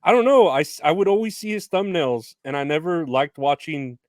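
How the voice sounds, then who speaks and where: A man's voice: on the high side, lively intonation, a little fast, no room sound, clean studio sound. A man hosting a podcast interview, chatting in a rambling, hesitant way with lots of fillers. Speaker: podcast host. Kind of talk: casual interview chat.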